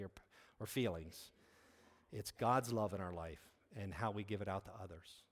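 An earnest man preaches at a middle pitch, talking in a loose, conversational way and often restarting his sentences. His voice carries a long reverb from a large church hall. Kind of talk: sermon with a personal story.

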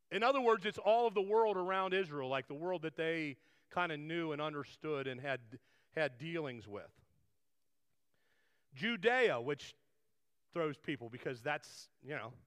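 A man's voice: fairly high pitch, a bit bright, clean tone. A man preaching a conversational sermon, rambling with frequent restarts and asides. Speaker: pastor. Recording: long hall reverb.

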